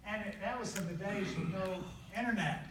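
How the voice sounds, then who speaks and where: An older man from the southern United States, a traveling evangelist, telling his testimony in a folksy, animated way with laughter. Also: high-pitched, brisk. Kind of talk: storytelling testimony in conversation. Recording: echoey room, distant mic, faint noise.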